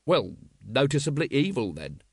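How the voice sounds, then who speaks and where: A man's voice: medium pitch, very animated, moderate pace, gravelly, breathy edge, dry recording, heavily acted. A man voicing a weary, cynical male watch captain who speaks dry and blunt.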